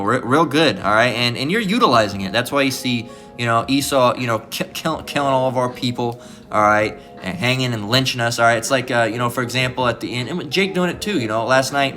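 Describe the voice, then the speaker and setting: A man's voice: medium pitch, bright, forceful tone. A man giving an informal preaching lesson, emphatic and profane, who keeps asking "all right?".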